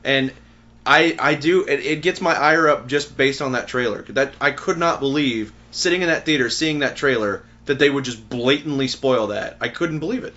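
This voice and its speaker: A man's voice: medium pitch, moderate pace, pushed and bright. A man co-hosting a casual movie review podcast, ranting bluntly and swearing. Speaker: podcast co-host. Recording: dull lo-fi recording.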